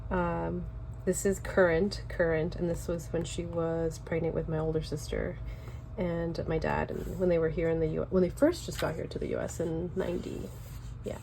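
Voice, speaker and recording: A woman's voice: low-pitched, little pitch movement, normal speed, gravelly, dark tone, a little hiss or hum. A young woman with a Californian accent, chatting casually and loosely while showing her sketchbook at home. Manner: chatty, loose and rambling with fillers. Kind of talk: casual chat.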